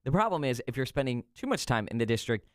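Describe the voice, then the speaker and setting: A man speaking as a political guest on a talk radio show, wry and measured, with some fillers. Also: medium pitch, sing-song, no echo, clean studio sound. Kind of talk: casual radio interview.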